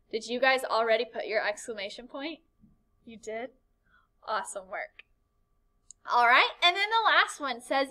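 A woman's voice: sits high, sharp tone, poor audio. A woman teacher giving a recorded writing lesson to young children, upbeat and encouraging, asking the class questions.

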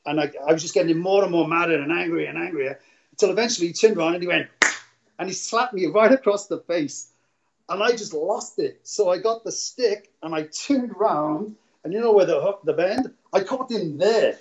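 A man's voice: high voice, fairly quick. A middle-aged man from Wales, a casino dealer telling rambling stories with frequent laughs in an interview. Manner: rambling, laughs often, animated retelling. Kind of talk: casual interview storytelling. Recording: dull lo-fi audio.

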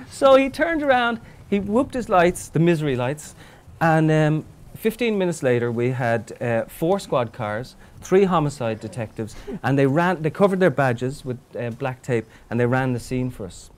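A man telling a lively anecdote on stage, acting out quoted voices with a light, slightly high voice. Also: normal speed, hardly any pauses. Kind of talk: storytelling on stage.

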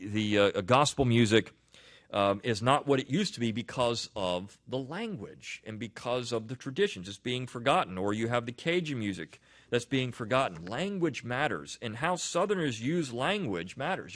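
A man hosts a weekly roundup in a loose, conversational way, drifting into asides and restarting his sentences as he goes. His pitch moves a lot, rising and falling with emphasis. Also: a bit bright. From Delaware. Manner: rambling, with frequent restarts and asides. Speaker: podcast host. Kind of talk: casual spoken commentary.

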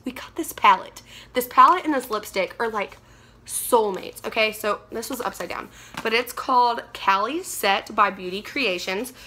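A young woman, chatting casually as a beauty vlogger, gushing and rambling excitedly. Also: mid-range voice. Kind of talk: casual unboxing chat.

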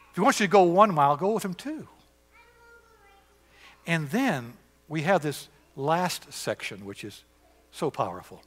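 A preacher with a slightly high, very animated voice delivers a sermon, dropping to hushed asides and then rising to emphatic points. The sound rings with the long reverb of a church sanctuary. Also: male voice. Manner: lively storytelling, swings between hushed and emphatic.

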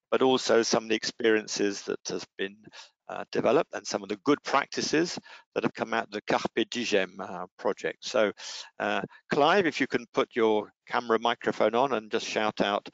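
A man with a French accent moderating an online webinar, halting with many fillers and restarts, over a video call. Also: lowish voice, creaky, a bit bright, dry recording. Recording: dull, dry video-call audio.

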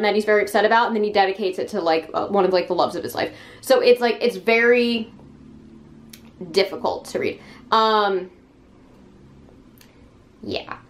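A young woman giving a frank, casual book review, talking with many fillers and sounding exasperated. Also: medium pitch.

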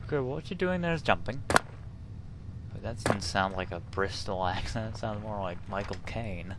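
A man's voice: on the low side, a little slow. A man hosting a let's play, casually commenting and reacting aloud as he plays a game. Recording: audible background noise.

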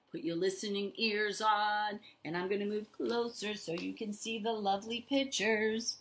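An older woman leading a toddler story time, talking straight to small children in an animated, sing-song way. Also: mid-range voice, normal speed, gravelly. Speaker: children's librarian.

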